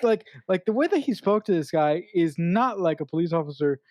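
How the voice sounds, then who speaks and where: Co-host voice, mid pitch, close and dry, earnest with stumbling restarts. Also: animated, a little fast, a little mellow, no room sound. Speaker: podcast co-host. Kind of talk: casual film review chat.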